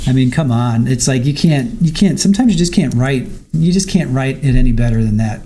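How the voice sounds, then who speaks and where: A man's voice: mid-range voice, brisk, hardly any pauses, dark tone, a little hiss or hum. A man hosting a live stream, recapping court testimony in a chatty way, reading viewer comments aloud and talking to his dog at home. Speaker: livestream trial commentator.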